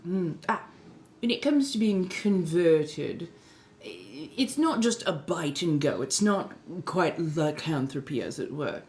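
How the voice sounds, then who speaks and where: A woman's voice: low-pitched, full character voice. A woman voicing a centuries-old refined female vampire in a colonial American accent, chatting with viewers on a livestream and calling them darling. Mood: gracious. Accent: 1700s colonial American. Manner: genteel, unhurried, fond of endearments. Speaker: streamer. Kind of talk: in-character livestream chat.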